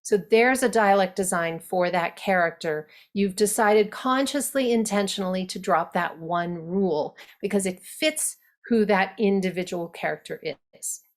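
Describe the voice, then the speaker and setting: A woman's voice: medium pitch, moderate pace, few pauses. A woman dialect coach giving an online workshop lecture to actors, explaining and demonstrating accent sounds.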